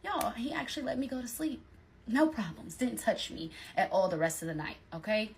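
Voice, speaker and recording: A woman's voice: fairly high pitch, a little fast, gravelly, darkish tone, a little hiss or hum. A woman telling a personal story in casual storytime style, talking straight to her listeners with lots of emphasis.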